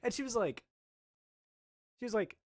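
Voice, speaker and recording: His voice is extremely high in pitch and his pace moderate as this young man shares a casual school-days story. Animated throughout, he laughs a lot and performs the other people's lines himself.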